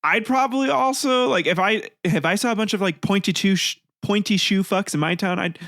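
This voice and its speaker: A man hosts a comedic history podcast, reading old passages aloud and breaking into rambling, profane asides. He laughs often and his voice sits a bit high for a man. The sound is close and dry. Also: brisk, a bit bright, dry recording. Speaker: podcast host.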